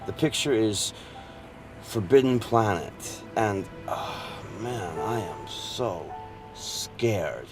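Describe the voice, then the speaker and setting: A man performing a dramatic film monologue as a weary, wistful gay storyteller, swinging from fervent outbursts to hushed confessions. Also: fairly low pitch, expressive, drawn-out words, over music, heavily acted.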